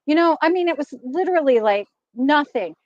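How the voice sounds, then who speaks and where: A woman's voice: high-pitched, expressive, a little fast, a little mellow, dull audio. A middle-aged woman hosting a vlog, chatting casually and laughing often as she tells a story. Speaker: vlogger host.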